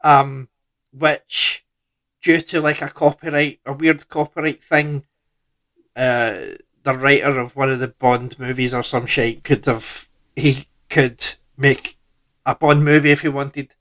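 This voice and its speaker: A man's voice: mid-range voice, little pitch movement, slow, fairly bright tone. A man co-hosting a podcast, chatting casually about a film in a loose, laid-back way with trailing sentences. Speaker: podcast co-host.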